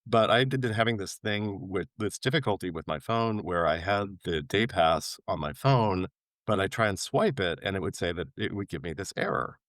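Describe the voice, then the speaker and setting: Low-voiced man telling lively stories. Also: moderate pace, no echo. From New York. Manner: animated anecdote-telling, acting out quoted voices with big pitch jumps. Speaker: podcast guest. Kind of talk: casual storytelling interview.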